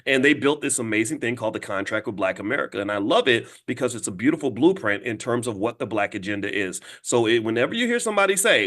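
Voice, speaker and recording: A middle-aged man talks quickly and emphatically to an audience, his pitch in a middle range. He keeps acting out short exchanges, and his voice leaps up when he does. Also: lively intonation, fairly bright tone. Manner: fast, emphatic, acts out dialogue with jumps in pitch. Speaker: finance commentator addressing an audience. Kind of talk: animated monologue.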